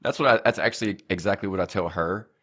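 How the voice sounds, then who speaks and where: A man's voice: low voice, fast talker, a bit bright. A man hosting a casual podcast, profane and exaggerated in his venting, then candid about himself. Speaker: podcast host. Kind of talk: casual chat.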